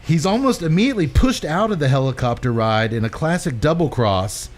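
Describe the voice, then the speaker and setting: A man's voice: fairly high pitch, fairly quick, slight background noise. A man hosting a podcast, recapping a movie in casual chat with lots of laughter. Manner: animated, laughing storyteller. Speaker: podcast host.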